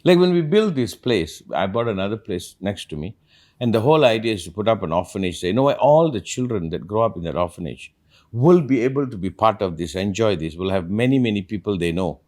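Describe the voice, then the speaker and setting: A man's voice: on the low side, animated, fast talker, darkish tone. A man, a spiritual teacher, talking earnestly in a reflective conversation and asking probing questions.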